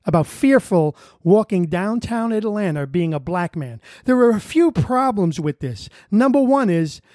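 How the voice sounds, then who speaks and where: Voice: mid-range voice, animated, unhurried, dark tone, no room sound, studio quality. A co-host in a religious commentary discussion, speaking bluntly and arguing through rhetorical questions.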